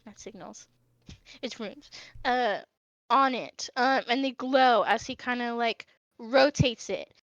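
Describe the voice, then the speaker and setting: High-voiced unhurried woman game master. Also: a bit bright, no room sound, muffled recording. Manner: hesitant, many fillers. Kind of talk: narrating a tabletop game.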